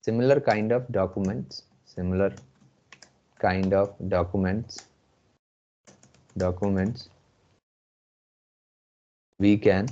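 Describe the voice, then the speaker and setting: A man with an Indian English accent teaching a live online class, slowly repeating his phrases. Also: on the low side, mellow. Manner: slow, repeats phrases often. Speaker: instructor. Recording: muffled lo-fi audio.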